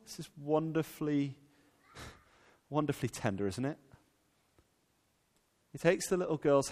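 Animated preacher in a reverberant hall. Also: male voice, fairly high pitch, unhurried, pauses often. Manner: animated, with frequent fillers and restarts. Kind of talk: sermon. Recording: long reverb from a large hall.

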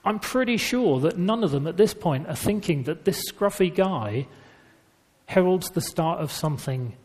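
This man's voice sits high and moves at a moderate pace as he delivers a sermon. He tells it in a storytelling, conversational manner with lively emphasis, and the church hall echoes around him.

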